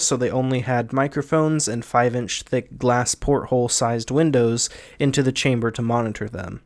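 A young man hosting a podcast, bantering with casual profanity and reading a creepypasta aloud. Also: medium pitch. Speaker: podcast host.

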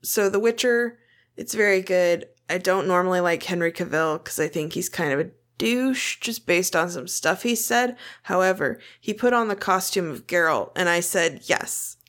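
A woman co-hosting a podcast in casual chat, blunt and quick to swear and laugh. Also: on the low side, fairly bright tone. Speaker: podcast co-host.

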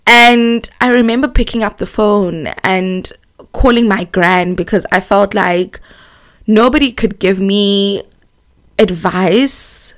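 Young woman, slow-paced, mid-pitched, candid vlog chat, rambling with fillers. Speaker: vlogger. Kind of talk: casual confessional chat.

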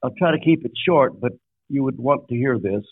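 A man's voice: medium pitch, normal speed, gravelly. An older man, a guest pastor, telling a story in a sermon-like way, making emphatic numbered points and acting out quotes. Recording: dry, tinny phone-like line.

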